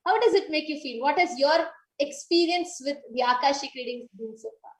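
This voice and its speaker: High-voiced woman host in an echoey room. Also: a little fast. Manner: admiring, effusive. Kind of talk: interview.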